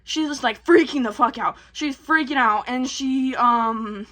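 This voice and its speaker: A woman's voice: high-pitched, unhurried, hardly any pauses, fairly bright tone. A woman vlogger casually recapping a movie, rambling in slang and swearing freely.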